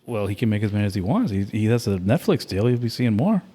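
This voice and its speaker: Male host, playful banter, lively ups and downs in pitch, quick teasing talk. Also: slightly rough. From half Irish. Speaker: podcast host. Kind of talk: casual chat.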